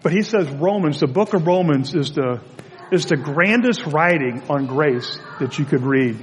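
A man preaching a conversational sermon as pastor, in a relaxed and chatty storytelling manner, in a church sanctuary. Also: a little high, moderate pace, in a large hall, a little hiss or hum.

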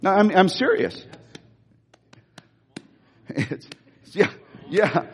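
A man preaching a sermon, stressing and repeating key lines, moving between slow weighty phrases and quick asides. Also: high-pitched, sing-song, slightly rough. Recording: echoey church hall.

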